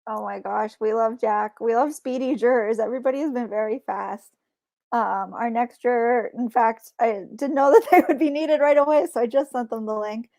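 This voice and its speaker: A woman's voice: fairly high pitch, normal speed, dark tone. A woman hosting a live stream, upbeat and chatty, stalling for time and hyping up the next guest. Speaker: host.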